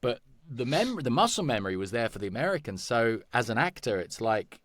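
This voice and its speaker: English actor telling animated, rambling stories. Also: male voice, medium pitch, a little fast, dry recording. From England. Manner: animated, rambling, repeats words, laughs while telling stories. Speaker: actor and podcast guest. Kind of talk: casual conversational storytelling.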